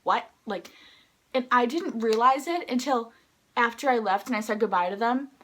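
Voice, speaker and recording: A young woman vlogger telling an excited, rambling story to the camera, filling it with "like" and acting out quotes. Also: moderate pace, a little hiss or hum. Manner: excited, rambling, heavy use of "like"; acts out quoted lines in a higher voice. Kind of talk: casual storytelling vlog.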